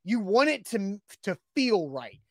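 A man co-hosting a sports talk show, arguing his points emphatically and getting animated as he makes his case. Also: high voice, measured pace, dry recording, studio quality.

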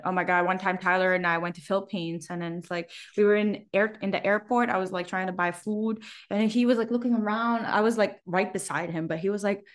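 A woman co-hosting a podcast in casual chat, telling stories and acting out what people said. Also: mid-range voice. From Asia. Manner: animated storytelling, acting out quotes. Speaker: podcast co-host.

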